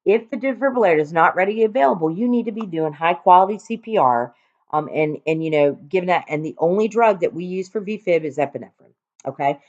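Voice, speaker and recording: A woman's voice: fairly low pitch, expressive, quick pace, a little mellow. A woman teaching nurses in a casual, conversational way, checking in often with "okay?". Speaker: nursing instructor. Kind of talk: recorded classroom lecture. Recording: dull lo-fi lecture recording.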